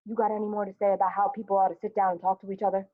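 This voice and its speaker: Woman reads a bitter young man in a play reading: curt, dismissive, quick, over tinny audio. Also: mid-range voice, level tone, close to an everyday voice. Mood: contemptuous.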